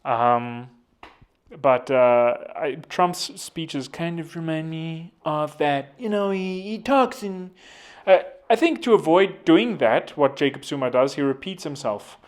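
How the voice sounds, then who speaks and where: A man's voice: on the high side, animated, slow, clear, resonant tone. A young South African man giving casual political commentary, rambling and poking fun at himself. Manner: rambling, self-deprecating joking. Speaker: vlogger.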